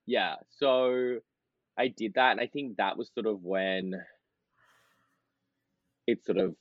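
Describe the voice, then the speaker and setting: A fairly low-pitched man talks through a podcast interview, loose and chatty, laughing often and scattering fillers. The sound is dry and a bit dull. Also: takes it slowly, no room sound. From Australia. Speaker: podcast guest, drag performer. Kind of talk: casual interview chat.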